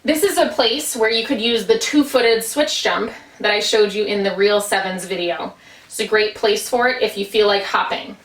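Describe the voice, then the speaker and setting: A woman's voice: medium pitch, normal speed, fairly bright tone. A woman teaching an Irish dance lesson in her small kitchen, explaining footwork and counting steps aloud as she dances. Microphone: camera at a distance. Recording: echoey room, far from mic.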